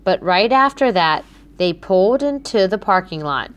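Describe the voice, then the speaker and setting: A woman narrating a children's book in a clear, measured storytelling manner. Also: mid-range voice, expressive, a bit bright. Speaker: audiobook narrator.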